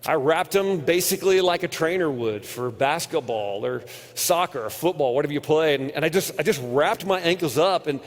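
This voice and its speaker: A man's voice: a little high, moderate pace. Man preaching in an echoing hall. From United States. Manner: earnest storytelling, drops quiet on painful moments. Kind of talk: conference sermon with personal story. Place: large hall. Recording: long hall reverb.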